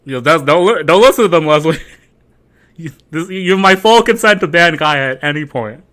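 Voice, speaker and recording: A man's voice: a little high, lively intonation, brisk, a bit bright. A man streaming a game live, joking, laughing and bantering with his chat.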